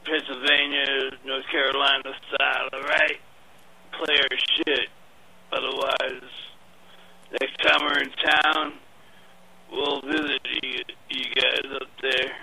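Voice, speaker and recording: Man faking a husky, gravelly death metal band member, slow and menacing on a voicemail. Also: mid-range voice, flat delivery, sharp tone, full character voice, low-quality recording. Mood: threatening. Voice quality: gravelly rasp. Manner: drawling, threatening, profane. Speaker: prank caller on voicemail.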